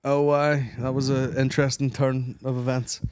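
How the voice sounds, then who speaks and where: A man's voice: medium pitch, little pitch movement, normal speed, darkish tone, clear, resonant tone, no echo, studio quality. A man guesting on a podcast as a comedian, swearing freely while he tells stories. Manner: sweary, storytelling. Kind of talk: casual podcast banter.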